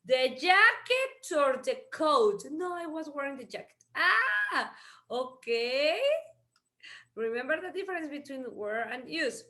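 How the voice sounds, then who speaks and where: A woman's voice: high voice, slow pace. A woman teaching an English grammar lesson over a video call, mixing in Spanish explanations and often checking in with her learners. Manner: lively, repeats key words, asks rhetorical checks.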